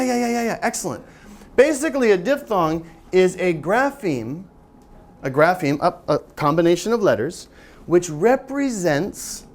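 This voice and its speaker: A man teaches a room of listeners in a phonics seminar, his pitch rising and falling in a lively way. He keeps asking them questions and sounds out letters slowly and deliberately. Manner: quizzing the audience with call-and-response questions; models sounds slowly and carefully. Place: seminar room with a live audience.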